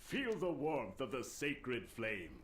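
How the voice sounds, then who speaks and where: A hopeful male villager of an underground settlement in a fantasy game. He greets outsiders in an earnest, steady way at a mid pitch. Faint noise sits behind the game audio. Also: slow.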